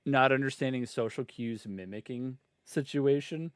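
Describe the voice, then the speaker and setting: A man's voice: mid-range voice, moderate pace, smooth, no room sound, clean studio sound. A man playing in a tabletop game who chats casually, laughs often and explains his character's actions. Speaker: player.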